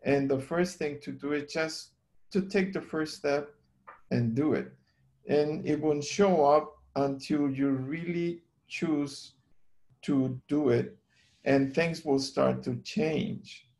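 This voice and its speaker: Earnest man with a gravelly voice. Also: on the high side, fairly even intonation, a little mellow. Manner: earnest, halting with repeated words. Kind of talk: casual storytelling on a call.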